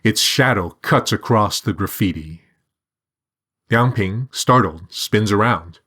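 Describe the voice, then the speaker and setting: A man reading a short story aloud in a measured, even storytelling manner. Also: lowish voice, breathy edge. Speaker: narrator. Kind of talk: scripted narration.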